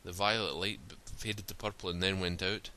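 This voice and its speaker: A man reads a story aloud in a steady, plain style. His voice sits fairly low but comes across forceful and sharp-edged. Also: fairly quick, a little hiss or hum. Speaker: narrator. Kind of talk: storybook reading.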